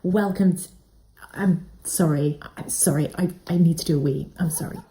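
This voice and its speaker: A woman's voice: fairly low pitch, normal speed, warm tone, natural voice. A woman playing a flustered, heavily pregnant actress who swears and sounds breathless, in a comic radio sitcom.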